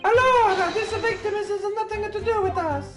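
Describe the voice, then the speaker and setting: Super squeaky whiny italian crook, echoey room, game music playing. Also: male voice, moderate pace. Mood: wheedling. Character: shifty Italian male swindler, petulant, high-voiced. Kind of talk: visual novel voice reading.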